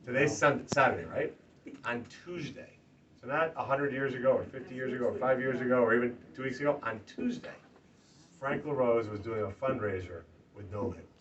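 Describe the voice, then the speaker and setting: A man's voice: mid-range voice, fairly quick. Man giving an emphatic campaign speech. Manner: emphatic, swings from loud rallying to hushed earnest. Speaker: political candidate. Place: party office meeting room. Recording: distant lo-fi room recording, faint ambience.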